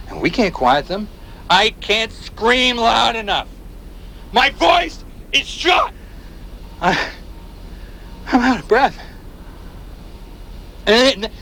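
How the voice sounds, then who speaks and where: An actor playing a paranoid, fiery male agitator in a video game, delivering an impassioned rant that swings from hushed menace to near-shouts. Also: high-pitched, slight background noise, full character voice. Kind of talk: video game voice acting, radio-style monologue.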